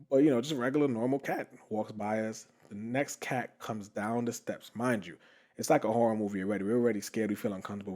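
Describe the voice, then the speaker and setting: Lower-voiced man telling a story casually. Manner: animated, laughing, many fillers. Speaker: podcast host.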